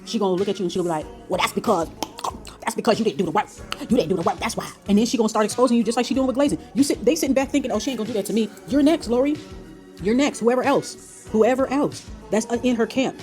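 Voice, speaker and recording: A woman's voice: mid-range voice, dark tone, soft background music. A woman hosting her own channel in heated commentary, talking in a confrontational, profane rant. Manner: profane, confrontational, rapid ranting. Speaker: tarot channel host. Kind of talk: heated commentary on played clips.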